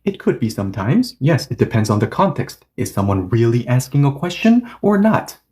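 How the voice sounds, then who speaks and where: Man, language teacher, patient, checks understanding, lively intonation, warm tone. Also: medium pitch, moderate pace. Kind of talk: online grammar lesson.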